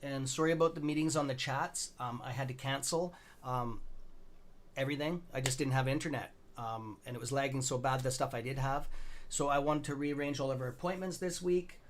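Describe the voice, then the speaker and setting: A middle-aged Canadian man hosting a stock trading livestream, rambling loosely and greeting viewers by name in a friendly, casual way. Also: medium pitch.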